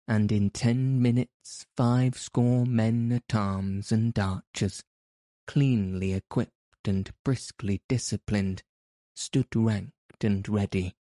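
A man reads a classic tale aloud in a measured, even storytelling manner. His voice is low and mellow, and he takes it very slowly. The recording is dry and close. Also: no room sound. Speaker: audiobook narrator. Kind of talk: scripted narration.

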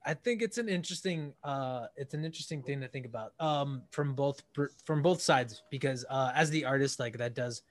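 A man's voice: mid-range voice, fairly quick, hardly any pauses. A man, a guest comic artist, explaining things in casual chat with many fillers and restarts.

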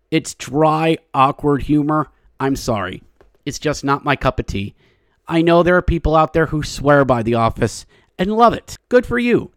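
Excitable man recapping hockey. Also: fairly high pitch, no echo, studio quality. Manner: jokey, self-deprecating, excitable play-by-play. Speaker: podcast host.

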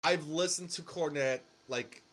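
A man's voice: a little high, measured pace, fairly bright tone. A young man chatting casually about wrestling, rambling and swearing, with many restarts and fillers. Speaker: podcast co-host. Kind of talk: casual wrestling recap chat.

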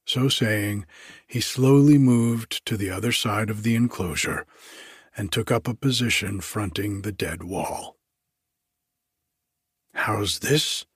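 Audiobook narrator, male, measured and slow, low husky voice, dry sound. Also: no room sound. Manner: measured, deliberate reading. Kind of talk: scripted narration of a classic story.

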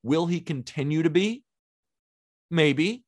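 A man co-hosting a sports podcast, speaking in a measured, analytical way and rattling off numbers. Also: fairly high pitch, expressive, no echo, studio quality. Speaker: podcast co-host. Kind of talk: casual sports podcast chat.

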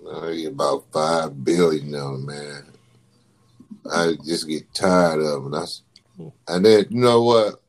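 Man, casual chat, very deep voice, laid-back and emphatic. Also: slow, slight background noise.

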